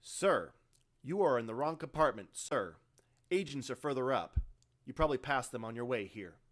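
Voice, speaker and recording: A man's voice: mid-range voice, lively intonation, normal speed, natural voice. A man voicing a scarred, defiant space marine sergeant who talks with clipped sarcasm. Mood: sarcastic.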